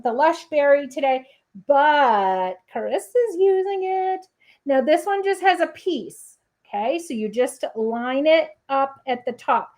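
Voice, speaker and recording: High-voiced, unhurried woman crafting host. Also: darkish tone. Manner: chatty, hums little scat tunes while working; talks directly to viewers, playful asides. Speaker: papercrafting livestream host. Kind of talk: casual crafting demo livestream.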